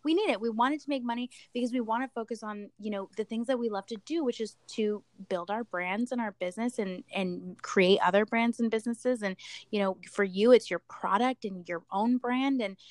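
A woman's voice: a little high, a little fast, no room sound. A woman hosting a podcast in casual chat, talking effusively and leaning on lots of fillers. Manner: gushing, filler-heavy, with lots of "like". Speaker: podcast host.

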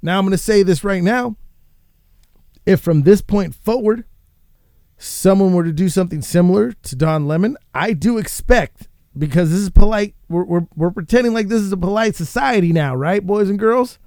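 A man hosting a casual show, ranting and swearing in a rambling, animated way. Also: sits high, normal speed, dry recording, studio quality. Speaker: podcast host.

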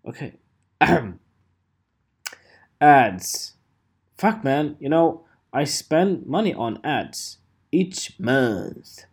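A man's voice: a little high, sing-song, very slow, vocal fry, long pauses, husky. A man talking casually to his viewers as a photographer, rambling with wry, self-mocking asides. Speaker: photographer vlogger. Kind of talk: casual monologue to camera.

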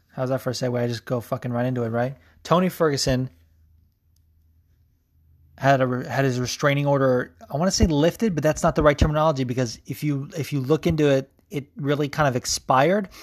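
A young man hosting a podcast, chatting casually through sports news with lots of ums, restarts and offhand swearing. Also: mid-range voice. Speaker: podcast host.

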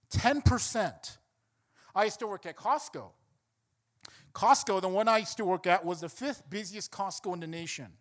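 A man's voice: high-pitched, a bit bright. A man preaching a sermon, telling a story and building to emphatic points. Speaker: pastor.

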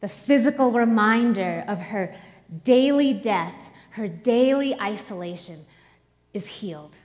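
A woman preacher delivering a sermon, telling a story slowly and dramatically with pauses. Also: medium pitch, animated, a little mellow, in a large hall.

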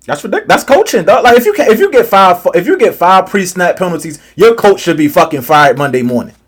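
A man's voice: high voice, very animated, fairly quick, breathy edge. A man co-hosting a sports talk show, exasperated, repeating himself in casual slang. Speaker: sports podcast co-host.

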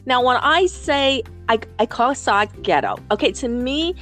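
A woman's voice: sits high, unhurried, soft background music. Blunt New woman podcaster. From New York City. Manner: blunt, animated, swears freely, many fillers and restarts. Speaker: podcast co-host. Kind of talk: casual chat.

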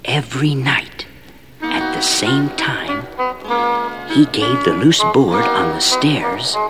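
A man narrating a children's-style ghost tale in a slow, sing-song storybook manner. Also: medium pitch, expressive. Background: music.

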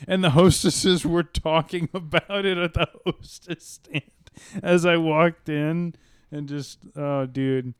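A man in his thirties co-hosting a podcast, excitable and laughing through his stories, saying "dude" often. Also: fairly high pitch, slow pace, clear, resonant tone, no room sound, studio quality. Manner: excitable, says "dude" a lot, laughs while telling stories. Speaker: podcast co-host. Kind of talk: casual chat.

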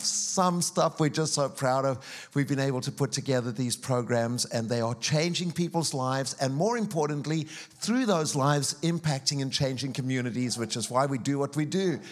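A middle-aged man with a fairly high voice addresses a church congregation. He is upbeat and enthusiastic as he makes announcements and introduces the next speaker. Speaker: college president and guest preacher.

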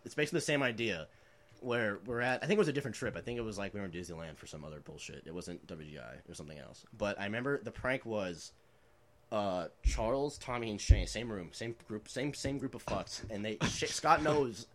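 A man's voice: fairly low pitch, lively intonation, a little fast, a bit bright. A man in his twenties telling prank stories in a casual chat, rambling with lots of filler words and laughing as he goes.

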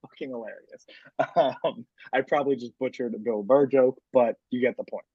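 Husky-voiced man in casual sports chat. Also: mid-range voice, fairly quick, no room sound, muffled recording. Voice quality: frequent filler words and restarts. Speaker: podcast co-host.

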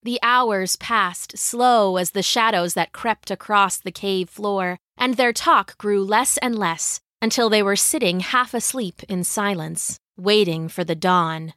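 A woman narrating a scripted children's story in a measured, vivid way. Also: mid-range voice, a bit bright, no echo, clean studio sound.

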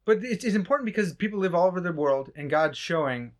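A man's voice: sits high, animated, fast. A man co-hosting a casual Christian podcast, laid-back and friendly, calling his partner man and bro. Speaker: podcast co-host. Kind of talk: casual chat.

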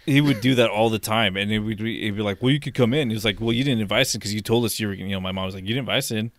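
A man's voice: fairly low pitch, rapid-fire, no echo, clean studio sound. A man in a casual chat, blunt and swearing, sharing his own story in short bursts.

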